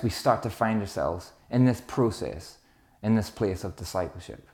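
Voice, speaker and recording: A man's voice: lowish voice, expressive, normal speed, darkish tone. A middle-aged man, a pastor, preaching a sermon in a reflective, conversational way, telling stories with small restarts.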